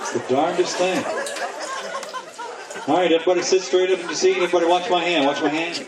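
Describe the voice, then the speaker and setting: Brief: male stage hypnotist, slightly high voice, playful with volunteers, slow soothing counts; taped from afar, echoey, with a loud crowd and noise. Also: steady tone. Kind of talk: hypnosis show patter. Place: outdoors in a yard at night. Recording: distant camera, echoey, noisy crowd.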